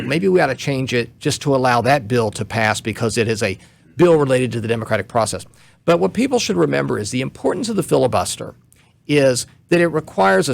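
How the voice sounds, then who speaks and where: Gravelly-voiced man explaining law. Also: mid-range voice. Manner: measured, explains step by step, some restarts. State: short on sleep. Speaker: guest legal commentator. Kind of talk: explanatory radio talk.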